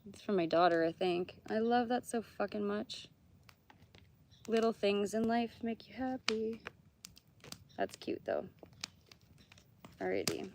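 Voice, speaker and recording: Gravelly, chatty woman reading cards. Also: mid-range voice, sing-song, measured pace, long pauses, a little mellow, a little hiss or hum. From Canada. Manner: chatty, swears freely, laughs often. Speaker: tarot card reader. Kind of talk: casual live-stream card reading. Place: outdoors by a fire.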